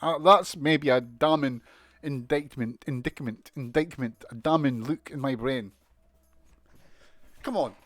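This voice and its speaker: A man's voice: mid-range voice, slow, long pauses, fairly bright tone, no echo, faint music behind. A man with a British accent giving a casual, sweary, mocking recap of a wrestling show. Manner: sweary, mocking, exasperated ranting with laughs.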